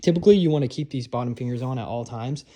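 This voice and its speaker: A man's voice: medium pitch, very fast, mellow. A young man casually explaining how to hold a marching drum stick, talking loosely with lots of fillers and restarts. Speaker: drumline instructor. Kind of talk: casual instructional talk. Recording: noisy room recording.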